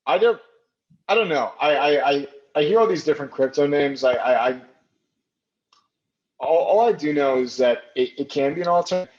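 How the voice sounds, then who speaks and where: A man's voice: on the high side, normal speed, pauses often, a little mellow. A man speaking as a podcast guest in casual conversation, hesitant, with many fillers and restarts, heard over a remote call. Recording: muffled remote audio.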